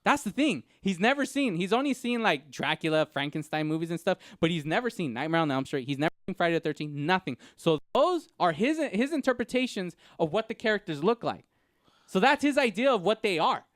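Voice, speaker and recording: A man co-hosting a podcast in casual chat, telling stories in an excitable, rambling way. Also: sits high, a little fast, dry recording, studio quality. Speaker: podcast co-host.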